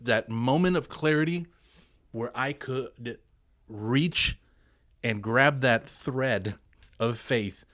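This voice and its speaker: An earnest man, a pastor and veteran, speaks as a podcast guest. His middle-pitched voice leans hard into key words as he tells a hard story. The sound is dry and close. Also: slow pace, a bit bright, no echo. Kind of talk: candid podcast interview.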